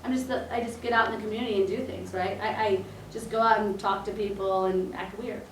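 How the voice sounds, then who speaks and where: A woman's voice: medium pitch, steady tone, fast, a little hiss or hum. Chatty woman chiropractor in an echoey room. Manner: casual, chatty, acts out quoted dialogue. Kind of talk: motivational seminar talk. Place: meeting room. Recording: echoey room, mic at a distance.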